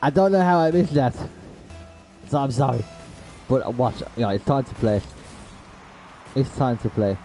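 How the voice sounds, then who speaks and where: Medium in pitch and mellow, his voice moves at a moderate pace with frequent pauses, faint music playing behind in a low-quality recording. He's a gaming streamer giving casual commentary to chat, slangy with plenty of "bro," cursing at plays and then apologizing.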